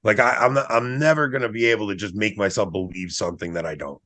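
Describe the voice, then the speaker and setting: A man in his forties tells a personal story in a casual podcast conversation, speaking quickly in a low voice. He animatedly acts out things he once said.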